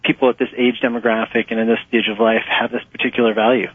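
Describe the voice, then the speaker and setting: Husky man on a phone line. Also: mid-range voice, fast, dry recording. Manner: animated, laughs often, acts out quotes in a raised voice. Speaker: author and nonprofit fundraising guest. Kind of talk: conversational interview answers. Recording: muffled phone-line audio.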